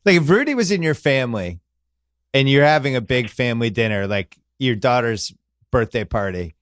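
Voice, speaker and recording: A man in a middle pitch hosts a podcast, chatting in a wry, rambling way and restarting his sentences. The sound is dry and close. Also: expressive, moderate pace, no room sound. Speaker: podcast host. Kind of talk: casual chat.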